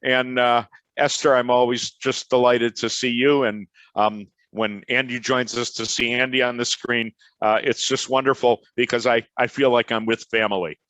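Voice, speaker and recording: An older man with a Chicago accent gives an online lecture over a video call. He talks in a relaxed, chatty way and drifts into side stories. His voice sits in a middle register, and the sound is dry with almost no room echo. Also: mid-range voice, moderate pace. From Chicago, USA. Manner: conversational, anecdotal and digressive. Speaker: professor giving a lecture.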